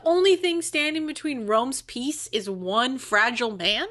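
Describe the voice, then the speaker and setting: A woman co-hosting a film podcast, chatting casually and excitedly, laughing often and swearing freely. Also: high-pitched, unhurried. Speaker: podcast co-host.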